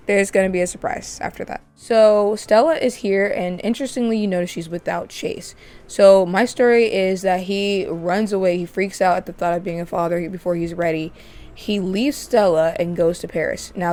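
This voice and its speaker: A woman talks through her life-sim game in a chatty let's play commentary. She keeps up a casual storytelling flow around her characters. Her voice sits at an ordinary middle pitch, with faint music under it. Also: darkish tone. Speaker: gaming video host.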